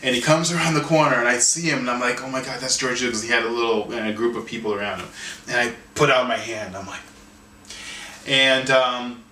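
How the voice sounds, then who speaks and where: A man, an artist and author, telling a story in an interview in an animated way, often restarting and repeating words. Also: medium pitch, a little fast, slight background noise. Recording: roomy sound from a distance, faint ambience.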